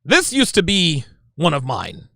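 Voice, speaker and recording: A man's voice: on the high side, huge pitch swings, unhurried, vocal fry, a bit bright, no room sound, studio quality. A man hosting his own show, talking to his listeners in an emphatic, casual solo monologue. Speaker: podcast host.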